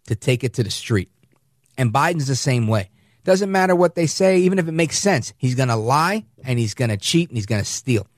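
A man's voice: a little high, dry recording, clean studio sound. A middle-aged man hosting a political talk radio show, speaking emphatically and telling stories, acting out quotes as he goes. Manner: emphatic, storytelling, acts out quotes. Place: radio studio.

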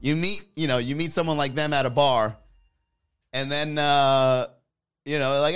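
A man's voice: medium pitch, moderate pace, a bit bright, clean tone, soft background music. A man hosting a livestream in casual chat, joking and rambling and laughing often. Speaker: livestream host.

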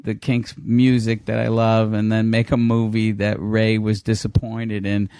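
A man in his fifties, a guest on a podcast, telling profane, animated anecdotes with lots of restarts. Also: on the low side, measured pace, smooth, dry recording. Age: 50s. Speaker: podcast guest, film director.

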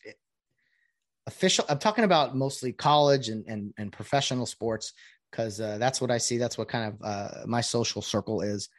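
A man's voice: mid-range voice, no echo. A man who works as a sports official, giving a casual, sarcastic opinion monologue and mimicking other people's voices.

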